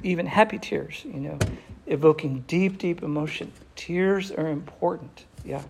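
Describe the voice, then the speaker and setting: A man preaching a sermon with passion, slowing down for emphasis and dropping almost to a whisper at times. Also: fairly high pitch, creaky, a little mellow, a little hiss or hum. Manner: impassioned, slows down for emphasis, drops to near whisper.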